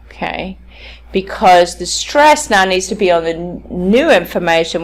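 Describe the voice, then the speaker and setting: A woman's voice: lowish voice, lively intonation, normal speed, a little hiss or hum. A woman lecturing at university level, explaining points step by step, checking in with "okay?" and demonstrating stress and intonation on example sentences. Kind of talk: recorded academic lecture.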